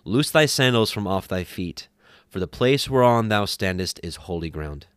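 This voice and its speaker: A man voicing God, who speaks from a burning bush in a slow, grave and commanding way. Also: fairly low pitch, expressive, clean tone, no echo, clean studio sound, lightly acted. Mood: solemn. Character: solemn divine voice of God from a bush.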